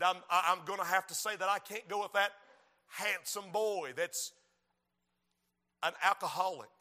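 A man's voice: high-pitched, pushed and bright, big-room sound. A preacher playing an eighteen-year-old girl who hesitantly puts off a decision.

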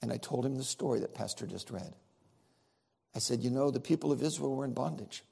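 A middle-aged man, a Baptist preacher leading a Seder, telling a story in a sermon with lively, repetitive phrasing. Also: mid-range voice, a little fast, gravelly, breathy edge. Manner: animated, repeats words while telling a story.

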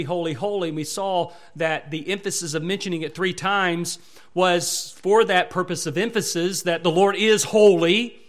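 A male pastor preaching a sermon with emphatic rises and falls, asking the congregation repeated questions. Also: high-pitched.

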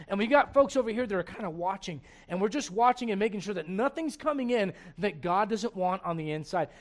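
A middle-aged man preaching with a high, lifted voice. He swings from hushed asides to loud, animated quoted voices and chuckles at his own jokes. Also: fairly quick, hardly any pauses. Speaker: pastor. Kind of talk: sermon.

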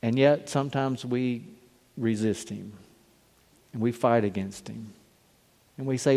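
A man preaching a sermon, slow and deliberate, lifting his voice when he reads scripture. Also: mid-range voice, vocal fry, mellow. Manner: slow, deliberate preaching with rising emphasis on quotes. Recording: long hall reverb.

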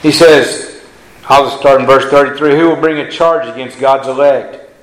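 A man's voice: medium pitch, steady tone. Man preaching in an echoey room. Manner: reads scripture slowly, builds to emphatic preaching. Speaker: pastor. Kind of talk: sermon.

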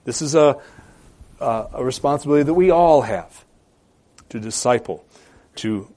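A male pastor preaching a sermon, repeating phrases for emphasis and moving between loud declarations and quiet, hushed appeals. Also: mid-range voice, animated, moderate pace. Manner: repeats phrases for emphasis with occasional filler hesitations.

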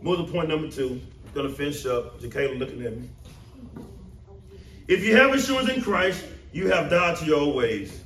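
High-voiced preacher in an echoey room. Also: male voice, normal speed, slight background noise. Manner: animated, emphatic preaching with questions to the congregation. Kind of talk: sermon. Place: church room with congregation. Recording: roomy echo, mic at a distance.

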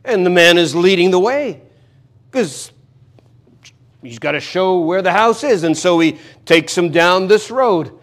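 A man's voice: high voice, lively intonation, measured pace, a bit bright. Earnest man preaching with repeated emphasis. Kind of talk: expository sermon.

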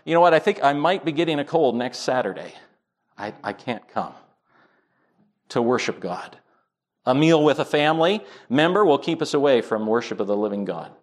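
A male pastor delivering a sermon. His voice sits a little high for a man, and his tone is earnest, telling stories plainly and then driving home his points with firm emphasis. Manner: earnest preaching, rising emphatic on key points.

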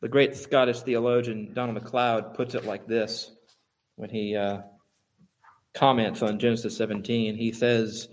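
A man preaching a sermon, asking his listeners rhetorical questions and building to emphatic, louder peaks. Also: medium pitch, level tone, measured pace.

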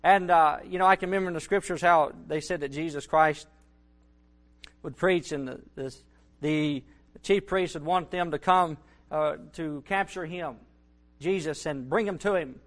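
A man's voice: a little high, normal speed. A man preaching a sermon, building to emphatic bursts and repeating his phrases. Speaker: Baptist preacher.

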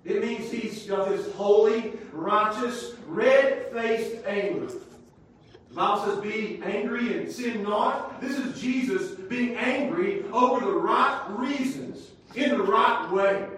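A male pastor preaching a sermon, emphatic, rising to shouts and dropping to quiet teaching. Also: high voice, slow. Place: church sanctuary. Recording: echoey church hall from far off.

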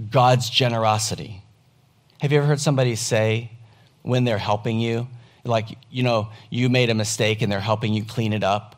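Man pastor, earnest and emphatic sermon in church, mid-pitched voice. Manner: earnest, emphatic, plain-spoken. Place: church service.

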